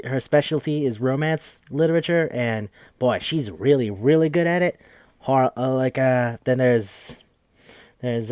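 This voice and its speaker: A man's voice: medium pitch, a little mellow, no room sound, clean studio sound. A man hosting a podcast, recapping a game in a rambling, joking, profane casual chat. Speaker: podcast host.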